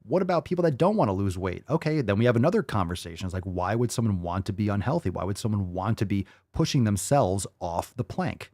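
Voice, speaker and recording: Male podcast host, low voice, mocking reaction commentary, dry close sound. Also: animated, quick pace, hardly any pauses, warm tone, no room sound. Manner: blunt, mocking, profane.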